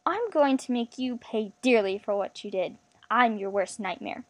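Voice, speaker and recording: A woman's voice: lively intonation, normal speed, no echo, lightly acted. A woman doing a cool, cruel male villain. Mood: sinister. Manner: thin, low and sickeningly gentle.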